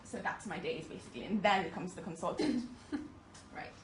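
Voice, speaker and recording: In an echoey room, with a distant mic and faint noise, a twenty-something medical student presents to an audience in a chatty, self-deprecating way and laughs a lot. She talks at a normal speed in a fairly low voice.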